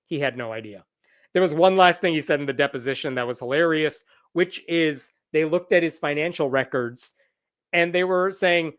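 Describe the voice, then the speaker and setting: Brief: high-voiced male host, sarcastic and incredulous, live news commentary. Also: moderate pace, a bit bright, smooth.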